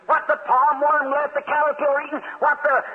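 High-voiced man preaching on a tinny 1950s recording. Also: level tone, brisk. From United States. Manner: storytelling with quoted dialogue, emphatic. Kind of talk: sermon. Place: outdoor amphitheater.

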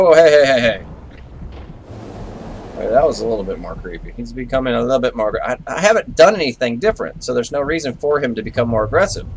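A man's voice: mid-range voice, vocal fry, a little hiss or hum. A young man giving live commentary on a horror game, jumpy, swearing and scolding the characters on screen. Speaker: let's play gamer.

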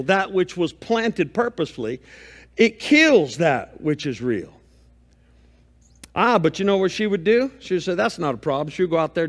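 A man's voice: high voice, in a large hall. A male pastor giving a folksy, conversational sermon, mixing home stories with scripture reading. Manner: reads scripture aloud between comments. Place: church sanctuary.

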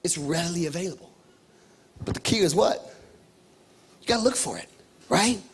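A man in his thirties preaches with a high, husky voice. He talks in an animated way, doubles back on his words and keeps calling out to the congregation for a response. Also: normal speed. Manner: animated, repetitive, calls out to the congregation. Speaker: pastor. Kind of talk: sermon.

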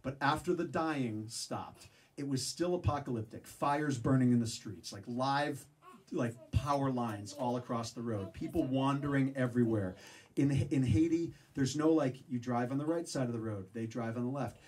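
A man telling stories to a live audience in an animated, profane spoken-word style, acting out voices with sudden shouts. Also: mid-range voice, moderate pace. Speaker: speaker at a show. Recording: distant mic with background noise.

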